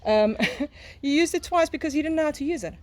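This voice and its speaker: A middle-aged woman from South Africa with an Afrikaans accent, slightly high-pitched, chatting outdoors in a garden. She tells stories with a lively, laughing manner. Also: fairly quick. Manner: chatty storyteller, laughing often. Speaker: guest, braai and smoking teacher. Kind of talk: casual chat.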